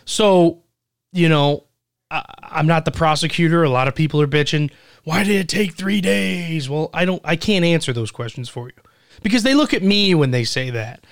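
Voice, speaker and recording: Smooth-voiced blunt male podcast co-host. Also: fairly high pitch, lively intonation, moderate pace, no echo, clean studio sound. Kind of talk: casual podcast chat.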